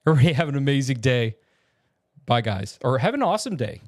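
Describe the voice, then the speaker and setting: A man from Virginia chats in a relaxed vlog from his home studio. He rambles, restarts his sentences and fills pauses with ums at a mid pitch. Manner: chatty, rambling with many fillers and restarts. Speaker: vlogger. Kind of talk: casual vlog.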